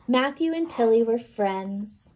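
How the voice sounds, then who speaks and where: A woman teacher reading a picture book to children, gently explaining and checking in with little questions. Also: fairly high pitch, expressive, slow, poor audio. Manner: gentle, checks in with "right?" and "okay?".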